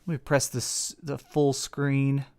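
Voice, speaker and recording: A man's voice: medium pitch, flat delivery, slow, darkish tone, clean tone. A young man hosting a casual live stream, reading super chats with joking, self-mocking rambling. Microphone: desk mic with face cam.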